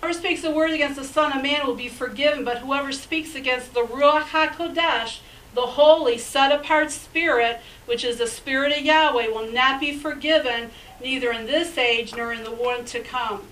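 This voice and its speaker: A woman's voice: sits high, normal speed, fairly bright tone, distant mic, a little hiss or hum, poor audio. A woman pastor preaching a sermon in an emphatic, conversational way, with chatty asides.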